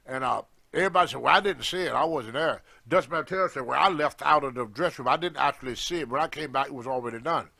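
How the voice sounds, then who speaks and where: A man telling a story in casual talk, animated and acting out the voices of the people in it, with loose grammar. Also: medium pitch, fast, creaky, few pauses. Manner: animated, acts out others' voices in his stories, loose grammar. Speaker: guest storyteller, former wrestler.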